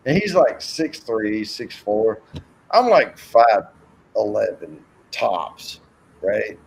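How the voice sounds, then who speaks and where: A man's voice: fairly low pitch, very animated, slow, creaky, rough recording. A man telling rambling, profane stories in a casual chat and acting out the voices in them. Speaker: co-host.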